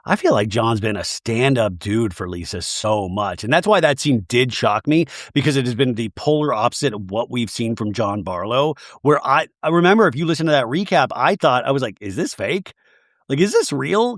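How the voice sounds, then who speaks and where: Male podcast host, mid-pitched, laughs a lot while recapping, dry and close. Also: fairly bright tone, dry recording. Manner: chatty, laughs often, acts out quoted lines. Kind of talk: casual comedic TV recap.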